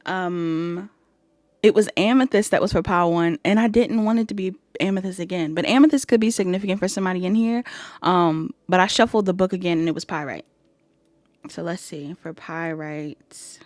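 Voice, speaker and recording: A woman's voice: fairly low pitch, moderate pace, a little mellow, dry recording, studio quality. A woman doing a casual pick-a-card tarot reading to her viewers, chatty and giggly, calling them y'all. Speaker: tarot reader.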